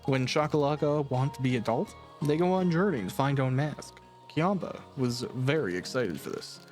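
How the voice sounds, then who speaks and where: A man voicing Kiamba, a boastful small male masked tribal creature who speaks broken pidgin and scorns his partner, reading with a lively lilt. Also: medium pitch. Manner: broken pidgin speech, speaks of himself by name; haughty and dismissive.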